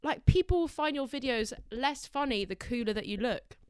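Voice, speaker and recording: Podcast host, young woman, high bright voice, laughs often, drifts off topic; clean, dry close-mic sound. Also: animated, moderate pace, clean tone, no room sound. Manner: giggly, chatty, easily sidetracked. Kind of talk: casual podcast interview.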